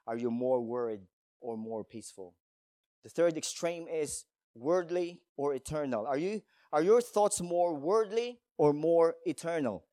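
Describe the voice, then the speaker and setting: A man's voice: on the high side, unhurried, hardly any pauses, warm tone, dry recording, studio quality. A male pastor preaching a sermon in a church, emphatic, telling stories and asking rhetorical questions.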